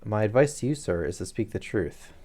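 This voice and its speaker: A man's voice: lowish voice, expressive, a little fast, mellow. A man reading as a cool, reasoning detective. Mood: curt. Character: sharp, cool-headed male detective.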